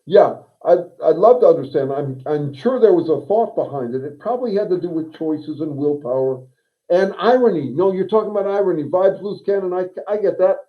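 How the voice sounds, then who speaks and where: A man with a fairly high voice talks through ideas on a livestream, circling back and restarting his sentences. His audio is thin and phone-like. He sounds wry and unscripted. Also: animated, a little fast. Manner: digressive, thinking aloud with restarts; wry, reads viewer comments aloud. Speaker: livestream host and consultant.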